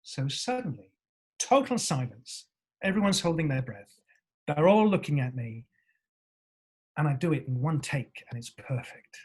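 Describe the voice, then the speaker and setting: Male actor from england, husky voice, animated storytelling, acts out voices, swears. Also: fairly high pitch, a little slow, long pauses. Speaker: actor guest.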